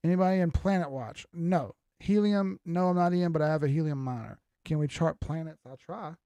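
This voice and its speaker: This older crypto streamer talks fairly quickly in a warm, fairly high-pitched voice, cursing freely as he reads viewer comments. There's no room sound in the recording.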